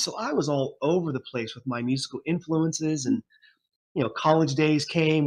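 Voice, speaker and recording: A middle-pitched man in his forties chats through his life in music. He rambles from one memory to the next and laughs often as he talks. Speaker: guest musician. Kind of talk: casual interview.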